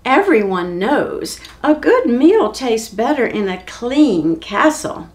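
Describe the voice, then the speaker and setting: A woman's voice: on the high side, big pitch swings, takes it slowly, darkish tone. A woman voicing a bold, clever young butter maid who scolds and gives orders in a storybook reading. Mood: bossy. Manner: scolding, bossy exclamations.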